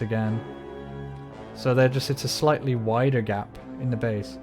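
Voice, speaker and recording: This streamer, a man with a medium pitch, speaks at a moderate pace in a casual livestream chat during gameplay. He walks through music theory, hums melodies, and lets out swears when frustrated.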